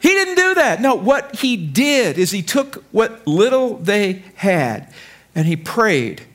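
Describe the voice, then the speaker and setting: High-voiced, jokey American preacher man. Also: slow. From United States. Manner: energetic and jokey, repeats phrases, stumbles on words. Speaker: pastor. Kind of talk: sermon.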